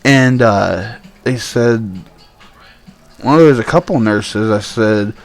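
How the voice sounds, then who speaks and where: A young man telling a story in a heated, profane, animated rant. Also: on the low side, slow pace, creaky. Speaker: vlogger.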